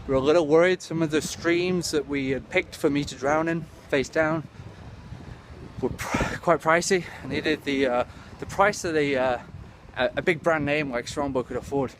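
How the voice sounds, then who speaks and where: A man ranting in a rambling, sweary, deadpan way as a comic monologue to camera. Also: on the high side, moderate pace. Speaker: comedy vlogger. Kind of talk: absurd comic rant to camera. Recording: clear traffic noise outdoors.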